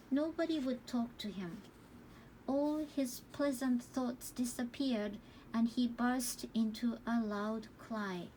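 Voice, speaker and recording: A woman reading a novel aloud as calm, careful narration. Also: fairly high pitch, a little hiss or hum, low-quality recording. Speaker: audiobook reader.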